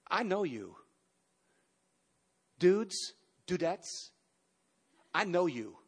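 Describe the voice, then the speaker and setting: A man in his fifties preaching a sermon in a large church, telling his story in an animated way with emphatic pauses and sudden loud bursts. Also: high-pitched, husky.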